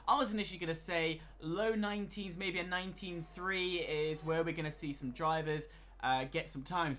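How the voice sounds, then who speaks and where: A man co-commentates on a sim race, explaining corners and rules in a technical manner. His voice is bright and edgy, sitting a little high. A faint hiss lies under the recording.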